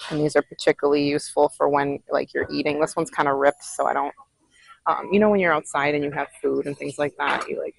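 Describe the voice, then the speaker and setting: Chatty vocal-fry thrift vlogger. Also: medium pitch, low-quality recording. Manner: chatty, giggly, musing aloud over prices. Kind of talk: casual shopping vlog chat. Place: thrift store, indoors.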